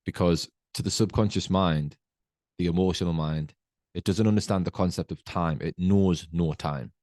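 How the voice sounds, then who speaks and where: Podcast host, male, very low voice, dry close mic; earnest motivational monologue, slow and emphatic. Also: a little mellow, no room sound.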